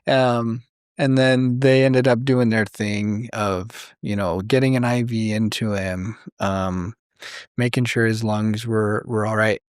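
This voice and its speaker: A man from Idaho, a podcast guest, telling a personal story in a casual, animated way with many fillers and acted-out quotes. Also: lowish voice, slow, smooth, dry recording, clean studio sound. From Idaho, USA.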